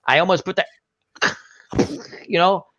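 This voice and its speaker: A man's voice: sits high, takes it slowly, slight background noise. A man hosting a casual live chat, telling a long story and acting out the other people's lines. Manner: animated storytelling, acts out quotes. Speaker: show host. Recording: dull lo-fi stream audio.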